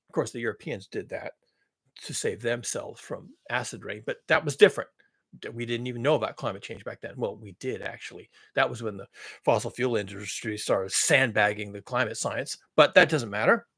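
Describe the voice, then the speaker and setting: A man delivering a profane, sarcastic rant monologue, mocking as he swings between shouting and muttering. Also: mid-range voice, slightly rough. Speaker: commentary channel host.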